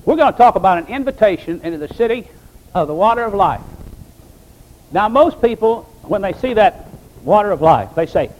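A man's voice: sits high, sing-song, moderate pace, a little mellow, poor audio. An older man, a pastor, preaching a sermon in a plain-spoken, folksy way and rising to emphatic exclamations.

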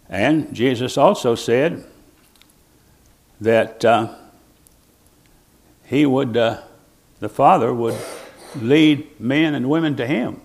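A man delivers a sermon in an earnest, reflective tone. His voice sits at a middle pitch, and he often restarts a thought before swelling into emphatic bursts. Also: expressive, measured pace, pauses often. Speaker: preacher.

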